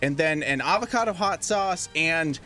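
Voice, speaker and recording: A young man from New Mexico with a fairly high voice that swings up and down in pitch as he talks. He is an eager, playful radio co-host, with faint music under him. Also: expressive, moderate pace, pushed and bright. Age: young adult. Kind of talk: casual studio banter.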